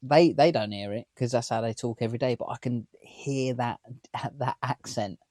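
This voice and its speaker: A man's voice: mid-range voice, moderate pace, dark tone, no room sound. A man in his thirties with an accent from just outside London, chatting to camera inside his camper van, rambling and asking viewers questions. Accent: southern English, London area. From England. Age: 30s. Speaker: vlogger. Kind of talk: casual chat to camera.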